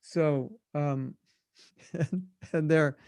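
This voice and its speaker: An American man giving a devotional seminar talk over a video call, lively, acting out short quoted voices with frequent laughter. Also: on the high side, extremely slow, clear, resonant tone, dry recording. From United States. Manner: animated, acts out little quoted voices and laughs often. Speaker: spiritual teacher.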